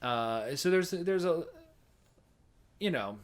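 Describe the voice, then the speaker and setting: A man's voice: a little high, animated, slow. An American man giving a casual educational talk about folk songs, chatty and explanatory, often restarting his sentences. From United States. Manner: chatty explaining, frequent restarts and hedging fillers. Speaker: folk song presenter.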